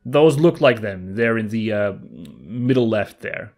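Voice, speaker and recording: A man's voice: lowish voice, a little slow, darkish tone. A man casually commenting while playing through a video game, rambling and joking as he goes. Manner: chatty, rambling, jokey. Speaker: let's play host.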